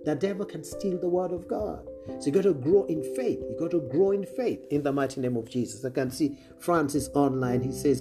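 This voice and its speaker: A man's voice: fairly high pitch, a little fast. A man preaching a sermon to an online audience. He talks emphatically, repeats key phrases and often checks in with listeners. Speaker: preacher, apostle. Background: guitar music.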